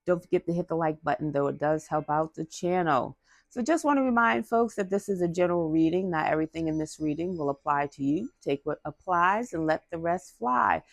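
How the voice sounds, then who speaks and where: A woman's voice: lowish voice, lively intonation, a little fast, vocal fry, no echo, clean studio sound. A woman giving a casual tarot-style card reading to her viewers. She talks straight to the audience and slips into slang. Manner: chatty, drops into slang, talks to viewers directly. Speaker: tarot reader.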